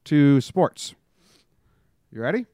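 Jokey podcast host guy, smooth voice. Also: fairly high pitch, big pitch swings, slow, dark tone, no echo, clean studio sound. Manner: jokey, loose and chatty. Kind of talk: casual podcast chat with a sports update.

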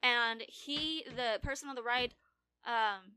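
A woman guest on a podcast telling animated stories in casual chat, full of fillers and acted-out quotes. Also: on the high side, takes it slowly, clean tone. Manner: animated storyteller, acts out quoted people, many fillers. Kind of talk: casual storytelling interview.

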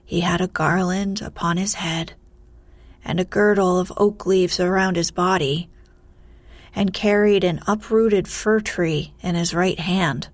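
A woman narrating a fairy tale in a soft, hushed, half-whispered voice. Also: fairly low pitch, no echo. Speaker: storyteller.

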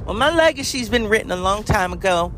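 A man's voice: sits high, lively intonation, brisk, bright, forceful tone, faint music behind. A man doing an impression of a folksy older woman country singer who calls everyone honey and baby. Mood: folksy, sweet. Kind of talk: comic impression interview.

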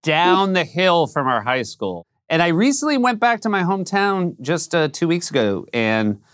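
A man trades jokes as a podcast guest, his voice slightly higher than most men's and bouncing all over. The sound is close and dry. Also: moderate pace, dry recording. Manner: joking, animated. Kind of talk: casual chat.

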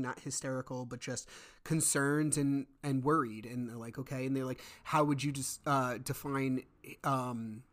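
A man hosting his own podcast, telling a story in a casual way and acting out each line of dialogue as he goes. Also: medium pitch. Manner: animated, reenacts dialogue with quick asides. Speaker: podcast host.

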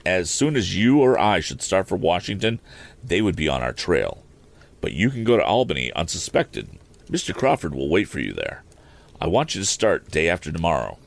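A man's voice: deep voice, very animated, moderate pace, vocal fry, exaggerated voice. A man voicing a worried middle-aged inventor and father who explains things earnestly.

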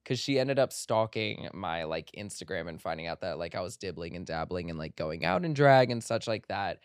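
Profane, animated male storyteller. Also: moderate pace, clean tone, dry recording, studio quality. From Egyptian family background. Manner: animated, breaks into high mimicking voices when quoting people; profane, tangent-filled storytelling. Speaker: podcast host. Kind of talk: casual storytelling monologue.

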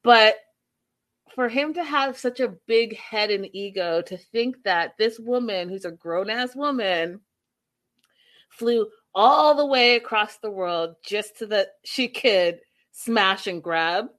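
A woman with a fairly high voice takes her time recapping a reality show episode in a casual way. She reads out viewer comments and acts out the cast's lines, animated and tossing in sassy asides.

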